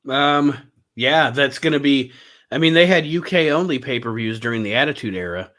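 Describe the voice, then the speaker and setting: A man's voice: medium pitch, normal speed, fairly bright tone. A man co-hosting a casual wrestling recap, chatty and agreeable, telling stories from home. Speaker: podcast co-host.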